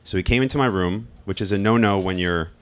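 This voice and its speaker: Guy from long island telling a personal story live, lowish voice, wry and blunt, cusses a lot. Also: quick pace, clean tone. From Long Island, New York. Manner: candid, wry, swears freely.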